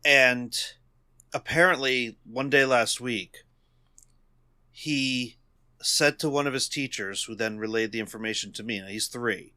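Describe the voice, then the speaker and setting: A young man co-hosting a casual podcast, speaking from the heart in halting, restarting sentences. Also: medium pitch, sharp tone, clear, resonant tone, no room sound, studio quality. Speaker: podcast co-host.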